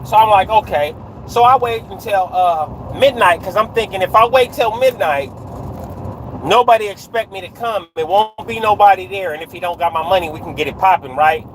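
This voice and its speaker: A man with a fairly high voice tells a street story in loose slang from his car on a dark night road, ending lines with "right?". Faint road and car noise hums under his phone-mic voice. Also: moderate pace, low-quality recording. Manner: street slang, frequent "right?" tags, greets viewers mid-story. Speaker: livestreamer telling a story. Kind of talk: casual storytelling livestream.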